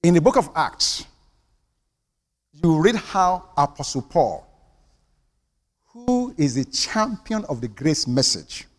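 An older man preaching a sermon, telling stories and swinging from hushed asides to loud punchlines. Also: mid-range voice. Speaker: pastor. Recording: long hall reverb.

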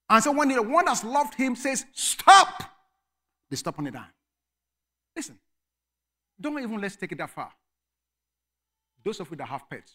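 A man preaching a sermon as pastor, emphatic, dropping to quiet asides and rising to shouted commands. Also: sits high.

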